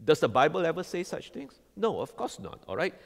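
An animated male pastor preaching in a church hall, his fairly high voice trailing off into a long reverb. He keeps checking in with the congregation and tossing questions back to them. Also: a little fast, creaky. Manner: animated, quizzes the congregation with repeated "all right?". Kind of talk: sermon.

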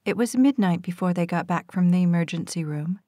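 Calm woman narrating an audiobook. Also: on the low side, brisk, dry recording, studio quality. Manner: calm, even storytelling. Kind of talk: scripted narration.

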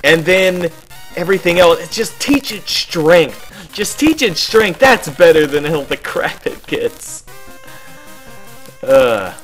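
A man's voice: a little high, animated, a bit bright, faint music behind, low-quality recording. A young man chatting casually about a video game with friends, rambling and joking. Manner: rambling, joking, quick asides. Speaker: let's play co-host. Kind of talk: casual gaming chat. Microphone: home computer mic, online voice chat.

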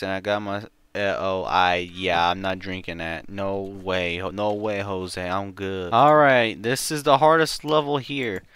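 A man giving casual gameplay commentary, excitable and slangy, swinging from muttering to yelling. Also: medium pitch, smooth. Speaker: gaming channel host.

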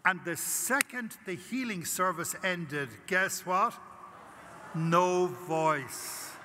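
A man's voice: high voice, very slow, noisy background. An older Irish priest giving a conference talk, telling a personal story and acting out his prayers with animation. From Ireland. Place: large conference hall. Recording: long hall reverb.

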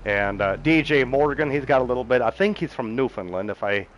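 A man's voice: mid-range voice, animated, fairly quick, a little hiss or hum, rough recording. A middle-aged man casually commenting on his farming game as he plays. He chats with viewers, chuckles often and talks to himself about the next task. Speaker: game streamer. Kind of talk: casual gameplay commentary while reading chat.

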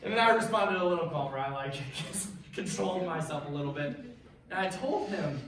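A man's voice: on the high side, normal speed. A young man preaching to a youth group in a casual, chatty way, full of fillers and frequent "right?" and "okay?" check-ins. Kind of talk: sermon. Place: church hall. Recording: very echoey hall, mic far off, faint noise.

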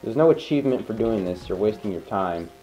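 A young man co-hosting a let's play, giving casual gameplay commentary, excitable and teasing, swearing freely. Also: on the low side, a little fast, soft background music, poor audio.

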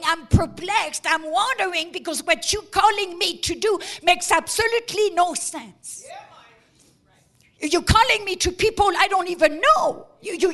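A woman's voice: extremely high pitch, pushed and bright, heavily acted. A woman voicing a doubting male apostle who stammers as he pleads with rising emphasis.

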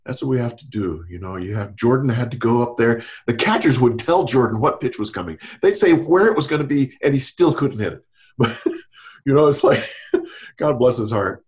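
A middle-aged man counseling-style talking in a casual podcast discussion, animated and often laughing, acting out quotes in a raised voice. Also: medium pitch, normal speed.

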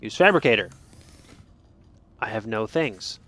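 A man's voice: fairly low pitch, lively intonation, unhurried, a bit bright. A man giving jokey let's play commentary, reading game text aloud and swinging from mutters to sudden yelps. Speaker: gaming streamer.

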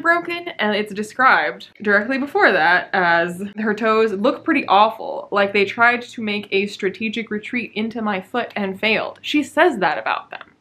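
Her tone is sharp and her pitch medium. Recorded on a camera mic, this book vlogger chats at home about her current read, full of sarcasm, frequent laughter and plenty of swearing.

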